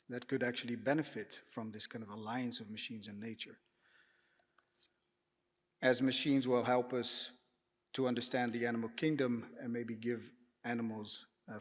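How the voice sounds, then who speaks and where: A man giving a prepared panel talk, measured and hesitant, with frequent "uh"s and throat clearing. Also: medium pitch. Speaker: panel speaker, architect. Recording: echoey lecture hall.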